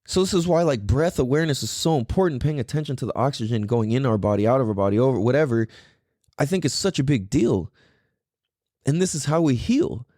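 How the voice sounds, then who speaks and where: A man's voice: medium pitch, brisk, dry recording, studio quality. A man hosting a podcast, talking casually in a rambling way and swearing freely. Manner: animated, profane, rambling. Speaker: podcast host.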